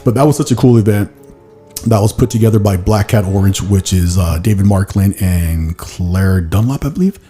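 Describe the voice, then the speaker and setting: A man hosting a podcast tells long, rambling stories in casual chat, leaning on "like" and breaking into goofy put-on voices. His voice sits on the low side, with a mellow, dark tone. Faint music plays underneath. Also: normal speed. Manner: rambling storyteller, heavy use of "like", slips into silly voices. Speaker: podcast host.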